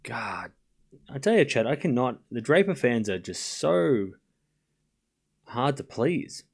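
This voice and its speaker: A man's voice: medium pitch, big pitch swings, slow pace, gravelly. A man hosting a live tennis watchalong stream, calling the score and chatting casually with his viewers between points. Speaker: livestream host.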